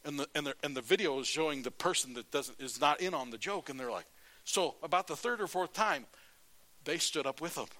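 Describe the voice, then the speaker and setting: A man preaching a sermon as pastor, telling stories in a lively way and reading scripture aloud. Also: on the high side, a little fast. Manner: animated storytelling, then plain scripture reading.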